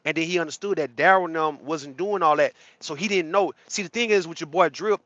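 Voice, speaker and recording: A man's voice: on the high side, brisk, fairly bright tone, no room sound. A man hosting a livestream in casual, slangy, profane talk, greeting chat viewers as he rants, on slightly dull lo-fi audio. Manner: blunt, slangy and profane, greets chatters mid-rant. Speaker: livestream host.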